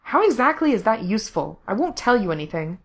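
A woman's voice: fairly high pitch, animated, normal speed, voice pushed up, natural voice. A woman doing a defiant, snapping young man. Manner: snapping, raised and tense. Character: defiant young man, sharp-tongued and scared.

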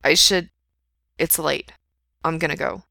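A nervous, apologetic young man pleads and stumbles over his words, as a woman reading a story puts him on. The voice sits low with a gravelly fry, and the dry recording has no room sound. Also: fairly even intonation, a little slow, pushed and bright, no echo, heavily acted. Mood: flustered. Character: anxious young man turning down two friends.

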